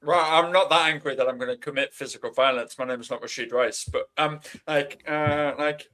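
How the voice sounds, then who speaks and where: A man's voice: on the high side, steady tone, brisk, pushed and bright. A man, co-hosting a sports podcast and ranting with sarcastic asides. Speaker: podcast co-host. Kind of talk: casual chat.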